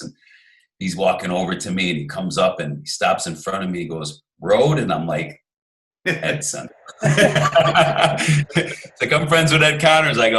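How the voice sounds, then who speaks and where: Deep, forceful man telling stories. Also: rough recording. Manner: rambling storyteller who acts out quoted voices, with many restarts. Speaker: podcast guest. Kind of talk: casual interview storytelling.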